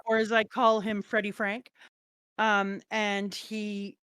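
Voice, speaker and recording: Animated woman, dry close sound. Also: mid-range voice, slow pace, smooth, dry recording. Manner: animated, swings from hushed retelling to loud outbursts. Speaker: podcast co-host. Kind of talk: casual chat.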